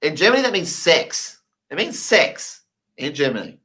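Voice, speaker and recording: Avustralya aksanlı bir adam, canlı ve inişli çıkışlı bir sesle komik hikâyeler anlatıyor. Tonu parlak ve net, anlattığı insanları taklit ediyor. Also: male voice, a little high, moderate pace. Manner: animated, acts out the people in his stories. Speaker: comedian. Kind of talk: comedic storytelling.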